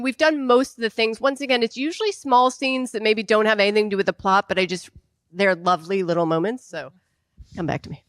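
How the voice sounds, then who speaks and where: Smooth-voiced woman, thinking aloud. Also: mid-range voice, no echo, studio quality. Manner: hesitant, searching for words, warm laughs. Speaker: executive producer on a panel. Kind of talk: casual panel talk.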